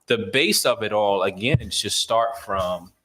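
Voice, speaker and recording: A man's voice: fairly low pitch, a little slow, sharp tone. A man on a morning radio show, explaining budgeting in a casual, patient way and checking in with "right?" after each point. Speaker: guest speaking on personal budgeting. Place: radio studio.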